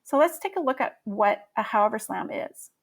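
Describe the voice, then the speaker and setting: Woman teaching grammar, somewhat high voice. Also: lively intonation, moderate pace, vocal fry. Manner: friendly and explanatory, with many fillers. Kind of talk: grammar lesson.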